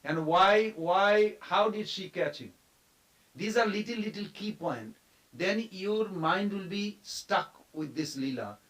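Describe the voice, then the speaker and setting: A man giving a devotional storytelling class at a temple, animated, quizzing his listeners and briefly acting out the figures in the story. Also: sits high, slow, poor audio. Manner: animated, quizzes the audience, acts out quoted figures.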